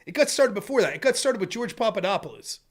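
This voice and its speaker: Male stream host, high voice with big swings, profane and conversational, frequent "right?". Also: fast. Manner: animated and profane, keeps asking "right?". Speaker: live-stream political commentator. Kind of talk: casual ranting commentary. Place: home streaming setup.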